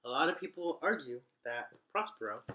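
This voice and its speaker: A man's voice: fairly high pitch, expressive, normal speed, pushed and bright. A man casually retelling a play for laughs, rambling and chatty with slangy asides. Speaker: host.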